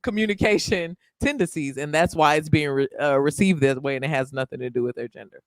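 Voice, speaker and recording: A woman's voice: low voice, fast, no room sound, studio quality. Blunt, emphatic woman podcast host. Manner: blunt, emphatic, swears freely. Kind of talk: casual podcast chat.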